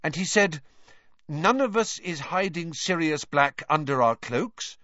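A man plays a clever, earnest teenage girl who explains things eagerly. His voice rides well above his own pitch and stays lively, on a dry, dull lo-fi recording. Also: a little slow, no room sound. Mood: explaining.

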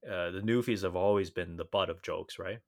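A man co-hosting a podcast in casual chat, talky and quick to laugh, with plenty of fillers and restarts. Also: low-pitched, creaky. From Canada. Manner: chatty, laughs often, many fillers and restarts. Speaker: podcast co-host.

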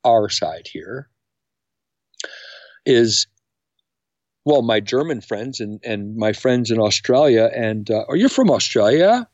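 A middle-aged man speaking as a podcast guest, energetic and acting out quotes with big jumps in pitch. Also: slow, pauses often, no echo. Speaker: podcast guest, camp founder. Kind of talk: animated interview talk. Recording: dry, slightly dull sound.

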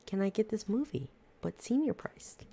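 A speaker putting on a fussy older woman who demands her way, her voice pitched high and shrill with indignation, with a dark, mellow tone underneath. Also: big pitch swings, normal speed, creaky, slightly rough, heavily acted. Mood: indignant.

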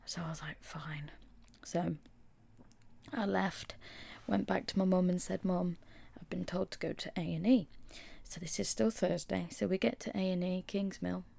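A young Englishwoman hosts a casual solo podcast, telling a chatty story while feeling shaky and unwell after being in hospital. Her voice is low, gravelly, and dark, fairly even in intonation and fairly quick with few pauses, and there's no echo. She drops into whispers for quoted asides.

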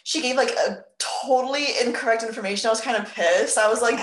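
A woman's voice: a little high, a little fast, a little hiss or hum. A woman co-hosting a casual podcast, talking in an exasperated way with lots of swearing and fillers. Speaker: podcast co-host. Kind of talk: casual chat. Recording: echoey room.

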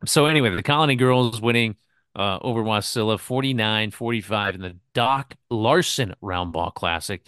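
A man's voice: fairly low pitch, moderate pace, a bit bright, smooth, dry recording, clean studio sound. A man co-hosting a sports podcast, recapping scores in an easygoing way and turning to his co-host with questions. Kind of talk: casual sports talk.

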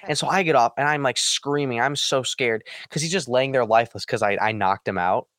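A man telling a story in casual chat with friends, animated and acting out quoted lines. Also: a little fast, dry recording, studio quality. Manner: animated, acts out quotes with big pitch jumps. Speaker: podcast co-host.

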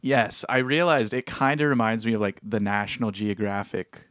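A man with a lowish, slightly bright voice speaks at a moderate pace, recorded cleanly in a studio with no room sound on headphones and a studio mic. He's co-hosting a casual podcast chat, rambling along with plenty of fillers and restarts.

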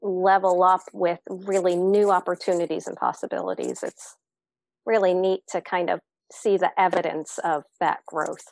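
A woman's voice: lowish voice, level tone, moderate pace, creaky, a little mellow, no room sound. A woman speaking as a podcast guest, reflective and encouraging in casual conversation, with many fillers.

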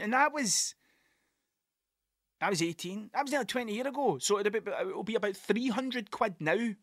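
A man's voice: high voice, animated, moderate pace, bright, forceful tone, dry recording, studio quality. A man with a Scottish accent, rambling and swearing through a casual solo podcast monologue. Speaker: podcast host.

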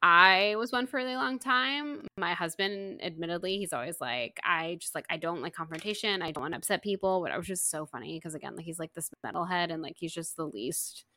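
A woman co-hosting a podcast, chatting casually about a book, retelling scenes with quoted lines and quick laughs. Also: fairly low pitch, lively intonation, sharp tone, no room sound. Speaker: podcast co-host. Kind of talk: casual book-club chat.

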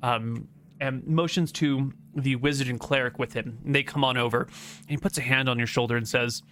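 A man's voice: mid-range voice, steady tone, moderate pace, a bit bright. A man narrating as game master in a tabletop game, casual and descriptive, with frequent filler words.

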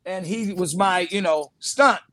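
Animated high-voiced man telling stories. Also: unhurried, dry recording. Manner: animated storyteller, laughs often, acts out quotes. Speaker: interview guest, actor. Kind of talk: casual storytelling interview.

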